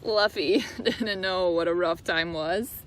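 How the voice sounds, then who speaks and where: A woman hosting a video, reading a picture book aloud in an animated, sing-song way and cooing to her pets between pages. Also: lowish voice, slow pace. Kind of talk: storybook read-aloud.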